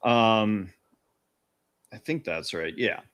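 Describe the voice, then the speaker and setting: Man, low voice, casual podcast co-host talking through a movie loosely. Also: drawn-out words. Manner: relaxed recapping with frequent fillers. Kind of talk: casual film discussion podcast.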